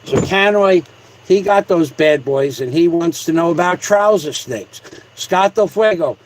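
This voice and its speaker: A man with a fairly high voice hosts a casual livestream. He rambles and jokes as he reads out viewer comments, throwing in repeated shout-outs. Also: expressive, a little slow, low-quality recording. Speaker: livestream host.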